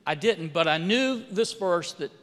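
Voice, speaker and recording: A man with a notably high, bright and ringing voice gives a speech to a church gathering. He tells stories and acts out the dialogue, rising in volume for emphasis and sinking softly at the ends of phrases. His voice carries a long reverb, as if heard in a big hall. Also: animated, a little slow. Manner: storytelling with rising and falling emphasis, quoting others in dialogue. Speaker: congressman speaking at a church.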